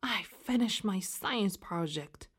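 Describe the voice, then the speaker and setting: A woman voicing Arthur, a young boy in a storybook who is earnest and then downcast, in a slow, lively delivery. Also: medium pitch, slightly rough. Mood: proud. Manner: earnest, eager at first then glum.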